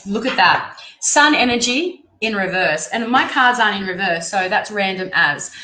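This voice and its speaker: A woman's voice: medium pitch, expressive, normal speed, bright, forceful tone. A young Australian woman giving a live-streamed tarot reading, chatty and rambling as she thinks aloud. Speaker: tarot reader. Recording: roomy echo, faint background noise.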